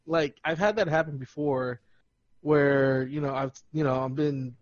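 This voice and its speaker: A man's voice: fairly high pitch, steady tone, a little slow, no room sound, muffled recording. A man co-hosting a podcast, telling stories in casual chat with quoted dialogue and frequent laughter. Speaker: podcast co-host.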